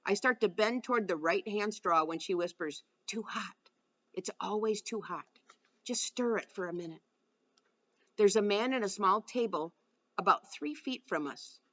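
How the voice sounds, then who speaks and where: A woman narrating a first-person novel aloud with a steady storytelling delivery. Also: on the low side, muffled recording. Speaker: audiobook narrator.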